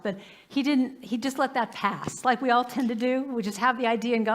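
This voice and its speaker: A woman's voice: a little high, normal speed, hardly any pauses. A woman minister giving a sermon in a live church service, telling everyday stories in a conversational way and often saying "you know.". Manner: conversational, warm anecdotes with frequent "you know". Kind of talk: storytelling sermon.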